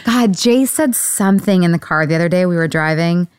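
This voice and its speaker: A woman's voice: lowish voice, brisk, a little mellow, smooth, dry recording. Chatty woman podcast host, dry close sound. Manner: chatty, laughing, rambling. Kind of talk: casual chat and ad read.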